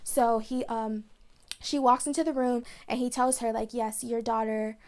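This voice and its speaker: A woman's voice: on the high side, fairly even intonation, darkish tone. A young woman telling a personal story in a vlog, chatty and emotional, with lots of "like" as she talks. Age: young adult. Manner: chatty, emotional, fast retelling with many "like"s. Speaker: vlogger.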